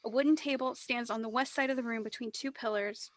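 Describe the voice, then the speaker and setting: A woman's voice: on the high side, fairly even intonation, fast talker. A woman narrating a tabletop game as game master, describing scenes with frequent hesitations and fillers.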